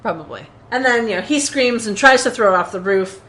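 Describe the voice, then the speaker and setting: A woman's voice: on the high side, a little fast. Chatty woman recapping a TV episode. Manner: animated retelling with quoted lines. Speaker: podcast co-host. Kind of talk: casual recap chat.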